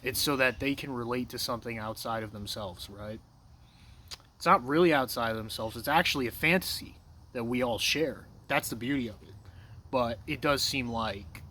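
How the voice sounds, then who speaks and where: A man's voice: mid-range voice, normal speed, sharp tone, a little hiss or hum. A man talking to camera in a loose, rambling monologue, cursing freely and calling the listener bro and dude. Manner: loose, profane, says "bro" and "dude" a lot; self-assured and digressive, trails off mid-thought. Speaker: vlogger.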